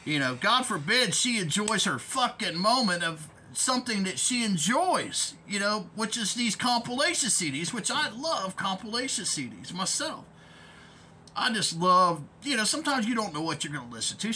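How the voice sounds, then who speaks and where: High, sharp-voiced man ranting heatedly. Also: very animated, normal speed, slight background noise. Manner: profane, rambling, heated. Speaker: online commentator. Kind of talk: ranting vlog.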